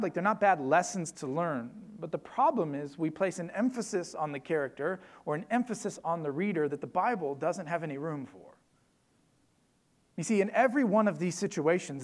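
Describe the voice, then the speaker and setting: A man preaching a sermon in a church, talking in an emphatic, conversational way with asides to the congregation. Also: on the high side. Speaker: pastor.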